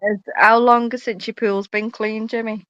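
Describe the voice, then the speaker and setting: A woman's voice: fairly high pitch, flat delivery, unhurried, a bit bright, smooth, no room sound. A woman hosting a livestream, teasing her guest and giggling in casual banter. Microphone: video call. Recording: dull lo-fi video call.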